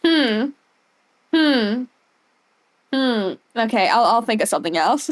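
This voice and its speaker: A woman streaming a game in a casual, giggly way, chatting to viewers and to her dog. Her voice sits somewhat high. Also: animated, slow pace, long pauses.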